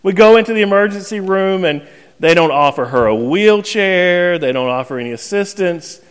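A man in his thirties preaching in a church, his voice a touch higher than most men's. He tells the story with animation and gentle self-mockery, acting out scenes as he goes. His voice rings with the long reverb of a large hall. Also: expressive, normal speed, clean tone. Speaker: pastor. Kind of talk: storytelling sermon.

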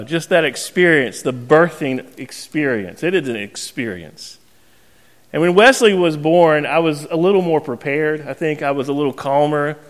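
Animated pastor telling a story in a reverberant hall. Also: male voice, fairly high pitch. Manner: animated, self-mocking storyteller who acts out scenes. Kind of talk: storytelling sermon. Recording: long reverb of a large hall.

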